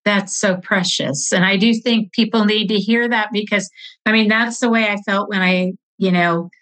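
A woman's voice: mid-range voice, fairly even intonation, moderate pace, a bit bright. A woman hosting a faith podcast interview, affirming her guest in an encouraging way. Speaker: podcast host. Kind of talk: interview conversation.

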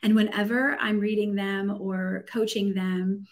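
A woman from the United States, a coach guesting on a podcast, bubbly and quick to laugh. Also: medium pitch, level tone. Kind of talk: casual podcast interview.

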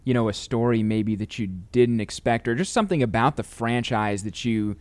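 A man's voice: medium pitch, moderate pace, darkish tone, no room sound. A man from St. Louis hosting a podcast interview, asking long, winding questions in a conversational way. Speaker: podcast host.

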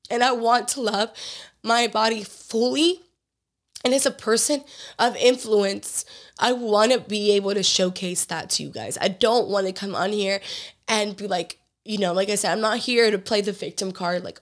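A woman hosting a casual solo podcast, hoarse and raspy from being sick, talking in an earnest, open way with lots of casual fillers. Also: medium pitch, moderate pace. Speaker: podcast host.

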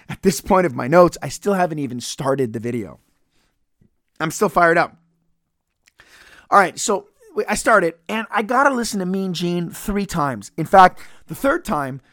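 A man's voice: high voice, a bit bright, no room sound, clean studio sound. A man reviewing a wrestling match in casual solo podcast commentary, profane, sarcastic and rambling.

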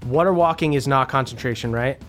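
A man narrating a tabletop game as game master, quick and often laughing. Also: medium pitch, fairly bright tone, soft background music.

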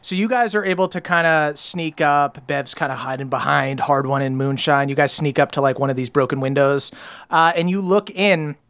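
A man's voice: a little high, normal speed, a bit bright. A man running a tabletop game, narrating loosely with many fillers. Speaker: game master.

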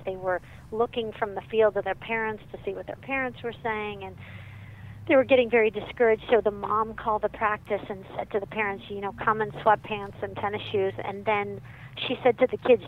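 A woman guest in an interview, talking animatedly and emphatically about parenting, and acting out the voices of the people she quotes. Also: mid-range voice. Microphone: phone line. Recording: tinny phone line with faint noise.

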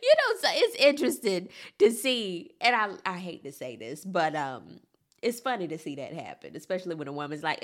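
A woman's voice: lowish voice, huge pitch swings, normal speed. A woman giving a casual, sassy recap of a reality show, talking emphatically and throwing in chatty asides to the viewer.

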